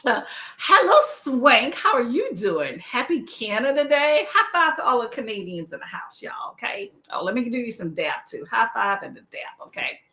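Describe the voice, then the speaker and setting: Bubbly high-voiced woman streamer. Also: big pitch swings, moderate pace, pushed and bright, echoey room. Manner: bubbly, repeats phrases, laughs often. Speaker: booktube livestream host. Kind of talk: casual livestream chat.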